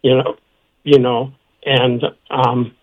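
A man calling in to a radio talk show. He has the hiccups and speaks haltingly, with frequent fillers and restarts. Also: mid-range voice, level tone, highs cut off. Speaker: caller. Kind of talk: call-in phone chat.

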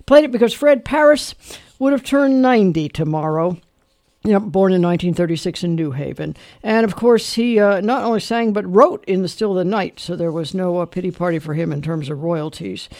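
A man's voice: high-pitched, fairly quick, a little mellow. A man hosting a radio call-in show, talking bluntly and lecturing a caller with firm advice. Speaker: radio talk show host. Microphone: studio broadcast mic.

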